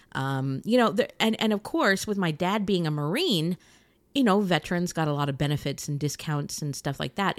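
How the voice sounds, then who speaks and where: A chatty woman tells a story in a casual blog post, her voice swinging widely and expressively in pitch. She laughs often as she talks. The recording is close and dry, with almost no room sound. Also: no room sound. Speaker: audio blogger.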